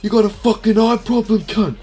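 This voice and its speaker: A man putting on the voice of an aggressive young male street gang tough who yells threats and swears. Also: sits high, level tone, fairly quick, faint music behind, pitched above the performer's own voice.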